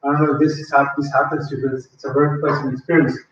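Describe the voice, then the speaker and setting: Talking very fast in a mid-range voice with little pitch movement, a man leads a language-learning workshop for a live audience. His style is conversational, and he often puts questions to the listeners. The recording is echoey and dull, captured by a mic set well away.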